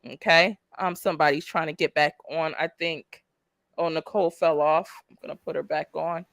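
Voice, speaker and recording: A woman's voice: low-pitched, fairly even intonation, moderate pace, creaky, a bit bright, dry recording. A woman hosting a true crime livestream, chatty and laughing often as she talks straight to her viewers. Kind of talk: casual livestream commentary.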